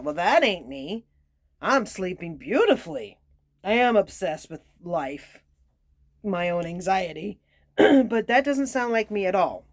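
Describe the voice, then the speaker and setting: A woman's voice: lowish voice, very animated, measured pace, dry recording, clean studio sound. A woman giving a casual tarot reading, reading card meanings aloud between chatty, self-mocking asides. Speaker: tarot reader.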